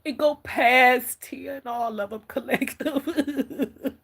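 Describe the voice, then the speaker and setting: Husky, gravelly woman giving a spiritual reading. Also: high-pitched, slow, fairly bright tone. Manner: rambling, emphatic, addresses viewers as y'all and baby. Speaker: spiritual reader on a live stream. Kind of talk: live spiritual reading, casual and preachy.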